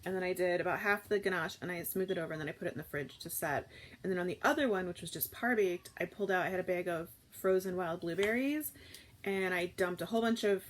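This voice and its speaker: This food vlogger, a woman in her thirties, talks fast in a voice on the low side while hosting a live morning stream. Her casual, rambling chat is full of fillers and restarts, with a little hiss or hum in the audio.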